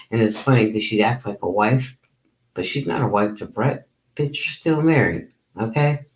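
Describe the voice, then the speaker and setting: A man's voice: lowish voice, darkish tone, echoey room, low-quality recording. A man hosting a commentary channel, ranting in a profane, incredulous way and saying he is tired.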